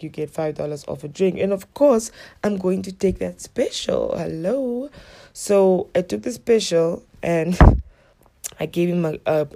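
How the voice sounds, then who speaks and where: A woman telling stories to her viewers in a casual, blunt rant, swearing freely and acting out what people said. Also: deep voice. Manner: blunt, heavy swearing, animated retelling. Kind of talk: casual storytelling rant to camera.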